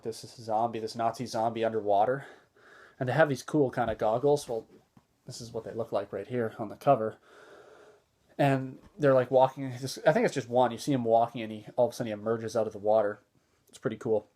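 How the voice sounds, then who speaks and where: A man's voice: medium pitch, a little fast, darkish tone. A man giving a casual spoken movie review, easygoing and enthusiastic, with a loose retelling full of fillers and restarts.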